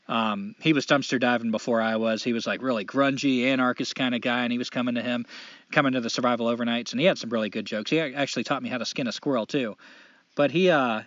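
A man's voice: medium pitch, fairly bright tone, dry recording, lo-fi sound. A man co-hosting a podcast, telling stories in a jokey, casual way and laughing often. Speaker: podcast co-host. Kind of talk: casual storytelling chat.

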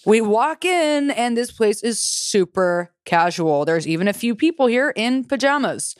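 A woman's voice: a little high, very animated, a little slow, clear, resonant tone, no echo, clean studio sound. A woman co-hosting a comedy podcast, reading a story aloud in a casual way, swearing a lot. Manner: swears a lot and laughs often.

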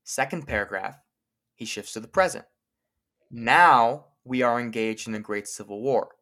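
A man co-hosting a podcast, explaining a famous speech in a clear, lecturing way and slowing down to quote lines from it. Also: mid-range voice, sharp tone. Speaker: podcast co-host.

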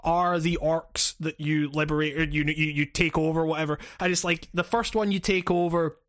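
A man's voice: a little high, steady tone, normal speed, fairly bright tone, no echo, studio quality. A man co-hosting a casual game-review chat, swearing freely and laughing often. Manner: swearing, laughing, mock villain voices. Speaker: podcast co-host.

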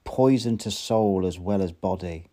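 A man's voice: deep voice, a little slow, dark tone. A man voicing a nervous, fussy male clerk who pleads in a raised, strained voice. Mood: wheedling.

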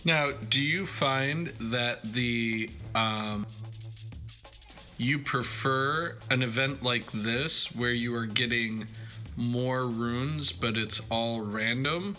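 A man's voice: mid-range voice, slow pace, pushed and bright, soft background music. A man co-hosting a casual gaming chat, joking and asking rambling questions. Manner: jokey, self-deprecating, asks long questions. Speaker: co-host.

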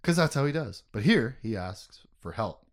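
This is a man hosting a relaxed book-talk show. His voice sits at an ordinary middle pitch but swings widely up and down as he gets animated. He keeps the recap lively with jokes and side comments. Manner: animated, joking, quick asides. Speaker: podcast host. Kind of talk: casual book discussion.

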